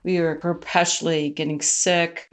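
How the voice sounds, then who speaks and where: A woman missionary guest telling a personal story, animated and acting out the voices she quotes. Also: fairly low pitch, a little slow.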